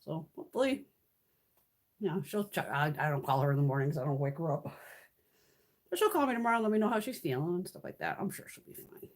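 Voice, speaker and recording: This woman in her fifties hosts a beauty live stream, chatting loosely with plenty of swearing and frequent laughter. Her low-pitched voice is expressive and fast, broken up by long pauses.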